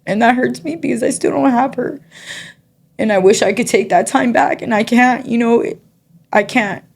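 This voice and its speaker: A woman guest giving a personal testimony in casual conversation, soft-spoken and halting, with frequent pauses and fillers. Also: a little high, gravelly, husky. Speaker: interview guest.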